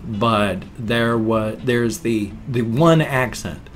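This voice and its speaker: A man's voice: on the low side, slow pace, faint music behind. A man in his fifties talking in a casual, rambling vlog, chatty and often breaking off mid-thought. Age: 50s. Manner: chatty, self-interrupting, musing. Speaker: vlogger.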